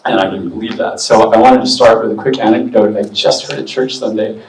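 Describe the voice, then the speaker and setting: A man giving a relaxed, chatty talk as a medium to an expo audience, with many fillers. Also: on the low side, fast, distant mic, slight background noise. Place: expo hall. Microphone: booming handheld or stand mic. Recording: echoey hall, mic heard from afar.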